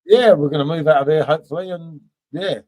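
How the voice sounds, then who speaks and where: An English man chatting casually over beers, talking fast and swearing now and then. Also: fairly high pitch, a little mellow.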